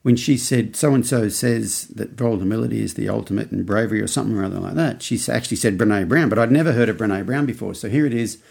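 Gravelly Australian man in his fifties. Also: fairly low pitch, quick pace, few pauses, darkish tone. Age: 50s. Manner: rambling, with many restarts and acted-out quotes. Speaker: podcast host. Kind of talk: casual storytelling monologue.

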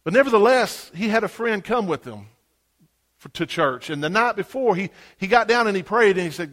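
High-voiced man preaching animatedly. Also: fairly quick. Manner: animated, swings from hushed asides to loud exclamations. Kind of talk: sermon storytelling.

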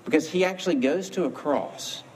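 A man's voice: fairly high pitch, normal speed. A man preaching a sermon in an earnest storytelling manner, lifting his voice for emphasis, with faint ambient noise behind him. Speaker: pastor.

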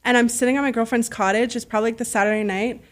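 A woman telling stories as a podcast guest, animated and freely swearing, acting out the voices of people she quotes. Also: a little high, very fast. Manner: heavy use of "like" fillers. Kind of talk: casual storytelling.

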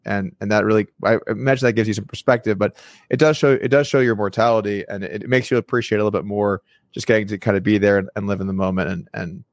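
A man's voice: lowish voice, steady tone, quick pace, no room sound, studio quality. A man hosting a casual chat, telling stories and stumbling over his words now and then. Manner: storytelling, stumbles and repeats words. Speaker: podcast host.

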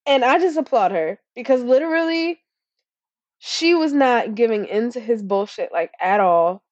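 A woman's voice: on the high side, expressive, moderate pace, a little mellow, no echo. A young woman co-hosting a podcast, chatting casually in a blunt, rambling way with plenty of swearing and fillers. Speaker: podcast co-host. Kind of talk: casual chat. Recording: dull lo-fi recording.

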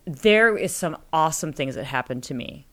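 Deep-voiced chatty woman storyteller. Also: moderate pace. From California. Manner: animated storyteller who acts out quoted voices. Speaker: podcast co-host. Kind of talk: casual storytelling chat.

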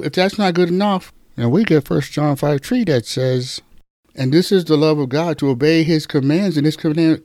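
A man's voice: fairly high pitch, a little mellow, no echo, clean studio sound. A man preaching a casual sermon and speaking to listeners like friends. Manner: conversational, calls listeners guys and bro.

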